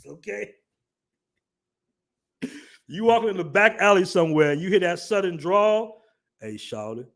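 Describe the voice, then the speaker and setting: A man in his forties hosting a livestream, talking casually in slang and joking with his chat. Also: a little high. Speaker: livestream host.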